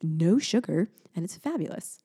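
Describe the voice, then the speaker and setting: A young adult woman co-hosting a podcast in casual chat, talking in an animated way, laughing often and sounding sleep-deprived. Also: fairly low pitch, moderate pace, breathy edge. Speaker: podcast co-host.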